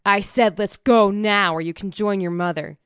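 A woman's voice: medium pitch, moderate pace, smooth, no echo, studio quality, natural voice. A woman voicing a brutal male hitman in an audiobook, talking in a threatening, taunting way.

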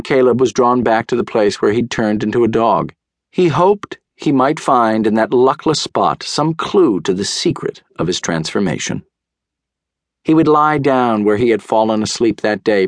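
A man narrating a children's audiobook in a measured, unhurried storytelling manner, on a close studio mic. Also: fairly low pitch, no echo.

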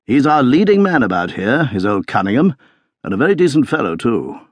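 A man voicing a hearty older country colonel who talks in a brisk, genial, matter-of-fact way. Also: mid-range voice, sing-song, no room sound, pitched above the performer's own voice.

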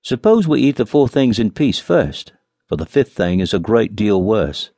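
A man voicing a cunning little farmer in an audiobook fairy tale, speaking in a calm, sly tone. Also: fairly low pitch, moderate pace, no room sound. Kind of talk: audiobook character voice.

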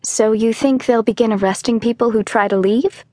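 A woman's voice: fairly high pitch, fairly even intonation, normal speed, mellow, dry recording, natural voice. A woman voicing a mother in a storybook, cautious and carefully polite, keeping her voice under control. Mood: guarded.

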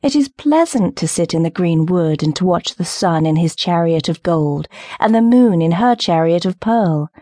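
Brief: woman voicing a small pleading nightingale, high and earnest, mellow tone, dry audiobook sound. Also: animated, normal speed, few pauses, no room sound. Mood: wistful. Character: small brave female nightingale, longing and pleading. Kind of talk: audiobook character reading.

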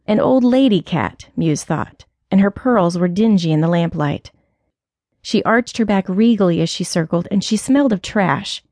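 A woman's voice: medium pitch, a little mellow, dry recording, clean studio sound. Woman narrating a children's audiobook.

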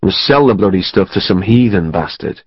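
A man's voice: deep voice, lively intonation, brisk, dry recording, exaggerated voice. A man voicing a coarse, blunt army sergeant, in an audiobook. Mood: grumbling. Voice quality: rough, swearing. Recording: dry, slightly muffled studio.

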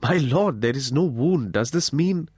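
A man's voice: lively intonation, a little slow, no echo, studio quality. Jara, a man voicing a trembling hunter. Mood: bewildered. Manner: pleading, trembling, higher-pitched outbursts. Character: frightened remorseful hunter, adult man. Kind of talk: audiobook character voice.

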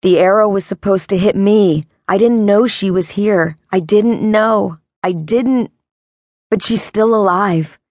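A woman's voice: medium pitch, unhurried, a little mellow, no room sound, studio quality, close to an everyday voice. A woman voicing a guilt-stricken young man who halts and repeats himself in shock. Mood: desperate, broken.

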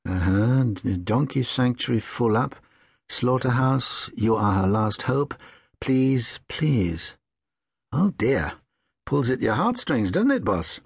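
A man's voice: mid-range voice, very animated, slow, vocal fry, slightly rough, no room sound, clean studio sound, exaggerated voice. A man voicing a kindly stableman who stammers. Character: stammering stableman at an old horses' home, kindly.

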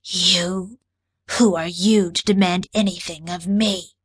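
A cold, contemptuous female alien commander , as a woman narrator puts her on, speaking low in a grating, half-whispered drawl. Her words come slow and deliberate, with little rise and fall. It is an audiobook character voice. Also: fairly even intonation, husky. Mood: sneering.

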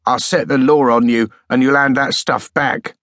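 A man's voice: medium pitch, fairly even intonation, moderate pace, a bit bright, dry recording, studio quality, lightly acted. A man voicing a bitter, wasted ex-soldier. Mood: scolding. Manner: spluttering, scolding.

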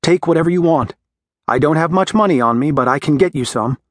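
A frightened young mother begs in a high, strained voice, as a man puts her on. Her words come breathless and pleading, delivered in a dry, close audiobook read. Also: a little fast, no echo, natural voice.

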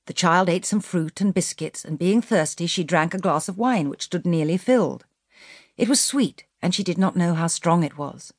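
A woman narrating a classic children's novel as an audiobook, expressive and slowing for emphasis. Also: lowish voice, no room sound, studio quality. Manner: expressive storytelling, slows for emphasis.

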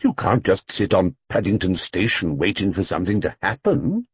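A man's voice: sits low, very animated, moderate pace, slightly rough, no room sound, full character voice. A man voicing a cautious middle-aged father in an audiobook, hesitant and fussy. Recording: dull, dry studio audiobook read.

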